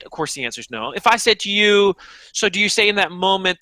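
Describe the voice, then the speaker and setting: A man, an author being interviewed, answering with animated, emphatic energy and speaking straight to the audience. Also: high-pitched, quick pace, dry recording. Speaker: author and guest.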